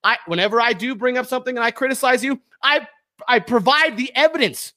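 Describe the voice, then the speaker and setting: A fired-up man hosting his own podcast, ranting heatedly and then calmly giving plugs. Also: extremely high pitch, a little fast. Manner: fired up, shouting accusations, then calm plugs. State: sweating, worked up. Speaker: podcast host. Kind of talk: heated political rant.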